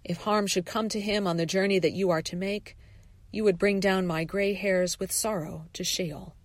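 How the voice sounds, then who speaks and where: A woman's voice: medium pitch, steady tone, moderate pace, no room sound. Woman reading scripture aloud. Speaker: lay reader.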